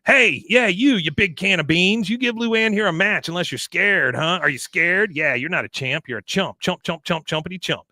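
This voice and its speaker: A man's voice: high-pitched, normal speed, hardly any pauses, bright, forceful tone, dry recording, clean studio sound, pitched above the performer's own voice, heavily acted. A man voicing a brash middle-aged woman who taunts a boxer in a sing-song, jeering way. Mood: taunting.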